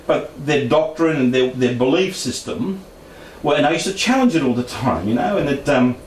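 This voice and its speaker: A man's voice: medium pitch, animated, moderate pace. A man, telling a personal story in a meandering way with frequent restarts and asides, as a guest speaker at a discussion group. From Brisbane, Australia. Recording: roomy room, distant mic, faint background noise.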